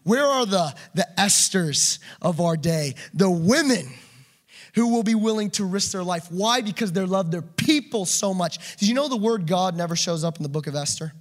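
A man preaching a passionate sermon, swinging between loud urging and quiet asides. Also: sits high, expressive, normal speed.

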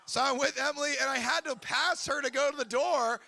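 A man's voice: very high-pitched, fairly quick, vocal fry. A man in his thirties, a pastor giving a sermon, telling stories and acting out the people in them. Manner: storytelling, animated, acts out quotes.

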